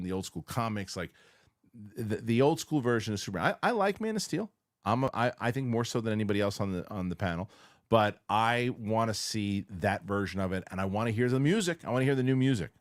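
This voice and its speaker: Lowish-voiced man reading viewer comments. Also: no room sound, clean studio sound. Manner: reads comments aloud, chatty and animated. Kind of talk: casual panel chat.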